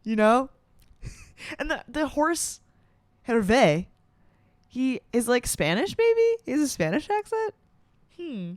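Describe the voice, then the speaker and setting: A woman's voice: high-pitched, very animated, slow pace, pauses often, dry recording, studio quality. A woman in her twenties, talking in a playful, rambling, swearing comedic monologue. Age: 20s. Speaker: vlogger.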